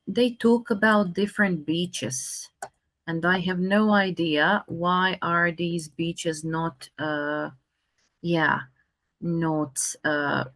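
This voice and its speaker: A woman leads an English conversation lesson in a slow, patient way. Her voice sits a little low and she leans on many fillers while she thinks. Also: fairly bright tone. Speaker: English teacher.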